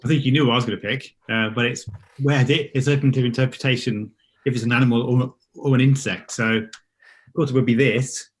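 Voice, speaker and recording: Relaxed man telling a car story. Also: mid-range voice, a little fast. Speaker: panel regular. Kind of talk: casual video-call chat.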